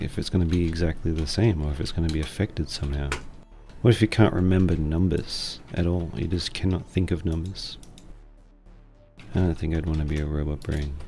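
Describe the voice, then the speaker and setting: A young man streaming, rambling and joking at himself, with a quiet, mumbling voice. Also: low-pitched, gravelly. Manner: rambling, self-deprecating, laughs often. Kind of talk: casual chat reading chat. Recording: faint music behind.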